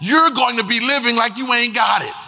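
Man preaching in church, high piercing voice, long echo off the hall, keeps repeating and singing lines out. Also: fairly quick, bright, forceful tone. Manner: emphatic preaching, sings out lines, repeats phrases. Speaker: pastor. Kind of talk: sermon. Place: church sanctuary.

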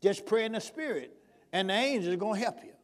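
A man's voice: sits high, animated, fast. A male preacher delivering a sermon, prodding the congregation with call-and-response questions.

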